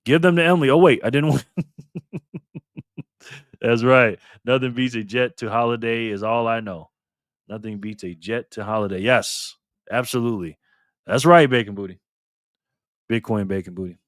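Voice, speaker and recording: A relaxed man chats his way through a livestream, reading comments aloud in a loose, easygoing manner. His voice sits at an ordinary middle pitch and sounds dry and close, with no room around it. He repeats and restarts phrases, and he calls listeners man and brother. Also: moderate pace, long pauses, dry recording. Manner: laid-back, calls viewers man and brother. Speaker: livestream host.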